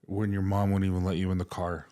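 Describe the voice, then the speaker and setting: Dad podcast guy, low voice, rambly and choked up, lots of ums. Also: level tone, dark tone. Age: middle-aged. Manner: halting, emotional, many fillers. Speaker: podcast co-host. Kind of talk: casual podcast chat. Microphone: remote recording setup.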